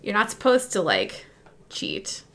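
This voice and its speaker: A woman's voice: mid-range voice, wildly swooping pitch, measured pace, creaky, a bit bright. A woman narrating as game master, casual and full of filler words.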